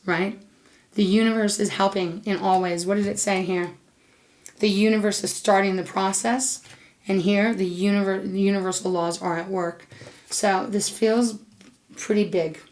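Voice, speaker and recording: A woman's voice: mid-range voice, fairly even intonation, normal speed, a little mellow. A woman giving a tarot reading to her viewers, emotional and affectionate, gushing and repeating her words. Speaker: tarot reader.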